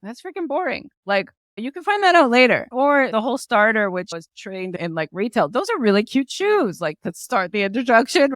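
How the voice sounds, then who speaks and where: A woman guest on a podcast, talking in an upbeat, energetic way with lots of asides like "right?" and "like". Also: fairly high pitch, a little fast, hardly any pauses, no room sound, studio quality. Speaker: guest entrepreneur. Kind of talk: casual podcast interview.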